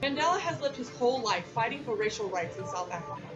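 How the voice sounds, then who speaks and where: A woman's voice: on the high side, lively intonation, fast, music in the background, poor audio. A young woman anchoring a homemade news report, reading with eager enthusiasm. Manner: bright, enthusiastic reading with cheers. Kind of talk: read mock news broadcast.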